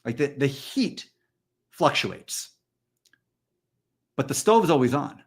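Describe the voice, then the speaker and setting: A man co-hosting a candid podcast conversation, telling stories in a loose, animated way with plenty of fillers. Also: medium pitch, slow pace, husky. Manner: storytelling, animated, frequent fillers. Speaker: podcast co-host.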